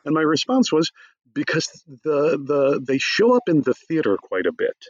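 A man's voice: on the high side, normal speed, no echo. Male academic guest, wry and talkative, close dry mic, a bit dull and lo-fi. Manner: chatty, wry, animated storyteller. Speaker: theater professor and author. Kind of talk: conversational interview.

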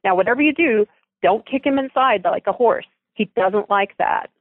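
A woman voicing a polite, calm male animal handler in a story reading. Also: medium pitch, moderate pace, no echo, close to an everyday voice. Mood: coaxing. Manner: calm, reassuring. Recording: phone line.

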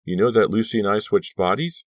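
A man's voice: deep voice, animated, normal speed, no echo. Man doing a panicked teenage girl, shrieking, desperate, storybook reading, dry sound. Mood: distraught. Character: terrified teenage girl, frantic, pleading.

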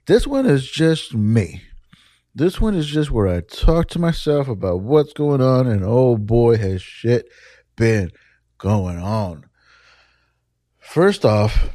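A man's voice: on the low side, mellow, dry recording, clean studio sound. A man hosting a solo podcast, talking in a rambling, candid way and swearing freely. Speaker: podcast host. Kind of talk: casual solo podcast monologue.

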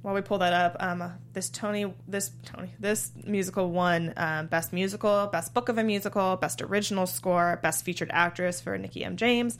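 A woman co-hosting a podcast in casual chat, relaxed and hedging, with many fillers. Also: on the low side, moderate pace, hardly any pauses, slight background noise. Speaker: podcast co-host.

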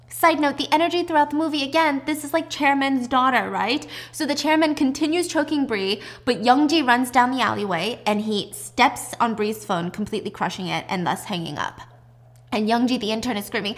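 A woman's voice: on the high side, moderate pace, fairly bright tone. Fields: Sex: woman. Style: chatty drama recap. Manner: chatty, emphatic asides. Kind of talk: casual story recap with asides.

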